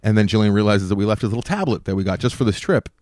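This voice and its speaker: A man's voice: on the low side, expressive, very fast, darkish tone, no room sound, studio quality. A middle-aged man on a podcast, telling a rambling, profane anecdote and acting out the other people's lines. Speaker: podcast co-host. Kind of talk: casual storytelling chat.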